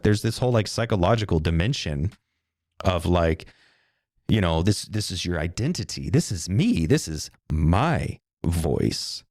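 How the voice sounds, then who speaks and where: A man's voice: low voice, a little mellow, no room sound, studio quality. A middle-aged man hosting a podcast alone, talking in a casual, rambling, profane way. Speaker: podcast host. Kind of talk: rambling solo monologue.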